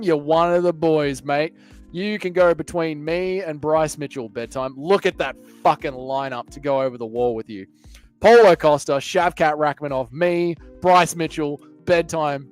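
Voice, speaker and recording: Crude joking man streaming. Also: fairly high pitch. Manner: crude, joking banter with chat. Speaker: livestream host reading chat. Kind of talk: casual live-stream chat.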